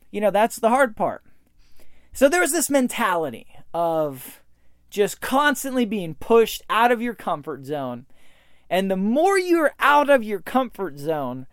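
A man's voice: sits high, clean tone, dry recording, studio quality. A man hosting a podcast, telling stories on his own and acting out the people he quotes, with a lot of fillers. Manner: animated when quoting others, many fillers. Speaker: podcast host. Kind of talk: solo podcast monologue, storytelling.

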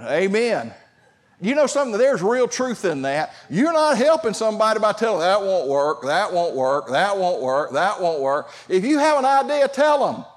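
A pastor preaching a sermon, talking conversationally and calling out to the congregation. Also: male voice, high voice, sing-song, normal speed. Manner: conversational preaching with audience call-outs.

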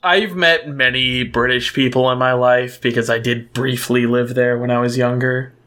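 A man in casual podcast chat with friends, excitable and often laughing through his sentences. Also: mid-range voice, moderate pace. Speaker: podcast co-host.

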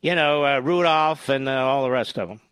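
A man hosting a call-in radio talk show, combative and jokey, working himself up to loud outrage. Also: medium pitch, brisk, smooth, no room sound. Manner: joking, self-mocking banter.

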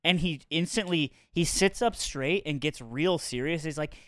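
A man co-hosting a podcast, chatting casually and joking, who often mimics others in high, exaggerated voices. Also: normal speed, fairly bright tone, dry recording, studio quality. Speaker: podcast co-host.

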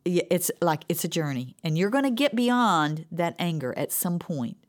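A middle-aged woman speaks in a faith-based conversation, her voice sitting a little low. She tells her story earnestly, pausing and restarting as she goes. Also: very animated. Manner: earnest, halting, emotional storytelling. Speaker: co-host sharing grief experience.

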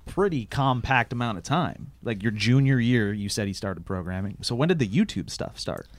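A man's voice: medium pitch, animated, moderate pace, no echo. A man hosting a podcast, asking loose, rambling questions. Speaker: podcast host. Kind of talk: casual podcast interview.

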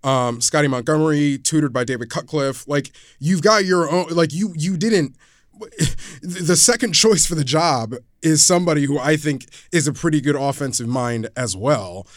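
A man's voice: fairly high pitch, animated, moderate pace, no room sound, studio quality. A man co-hosting a casual sports talk show, often restarting sentences as he recounts what coaches said. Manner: hesitant restarts, recounting quotes. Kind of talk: casual sports podcast debate.

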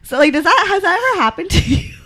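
A woman's voice: very high voice, big pitch swings, fast talker, pushed and bright. A tipsy woman hosting a podcast, telling a story in a giggly, rambling way full of fillers. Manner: giggly, storytelling with many likes. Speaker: podcast host. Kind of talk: casual chat.

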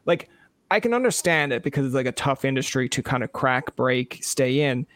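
A man's voice: mid-range voice, expressive, moderate pace, fairly bright tone, no echo. Rambling male podcast host, dry sound. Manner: rambling, heavy use of "like". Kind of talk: casual interview chat.

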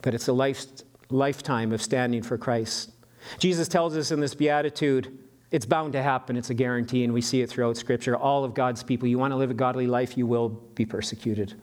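A pastor from western Canada preaching a sermon in a lively, animated way, often restarting and repeating his words. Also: mid-range voice, brisk.

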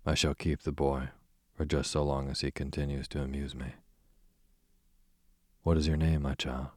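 A man's voice: rumbling low, level tone, moderate pace, no echo. A man reading the part of a sardonic aristocratic duke in a bedtime audiobook, with a dry, sarcastic drawl.

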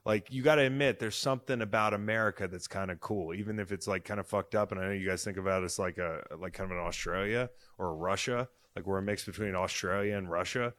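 A man in his thirties hosting a casual sports podcast, excitable and loud, swearing freely as he talks. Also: sits low, quick pace, hardly any pauses. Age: 30s. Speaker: podcast host.

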